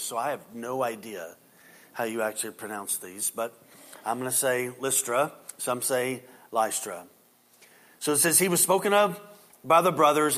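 Man as pastor, higher-pitched voice, informal sermon with scripture reading. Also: fairly bright tone. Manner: informal, uses "y'all", reads scripture aloud.

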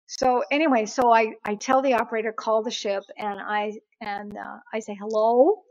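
A woman's voice: a little high, moderate pace, dry recording. A woman guest telling a travel story in a casual interview, acting out the voices of the people in it. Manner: animated, acts out voices in her anecdotes. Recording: dull, dry, lo-fi sound.

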